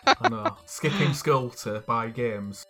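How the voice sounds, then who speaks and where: A man's voice: medium pitch, takes it slowly, sharp tone, soft background music. A man on a casual podcast, chiming in with short questions and remarks. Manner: brief interjecting questions. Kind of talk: casual chat.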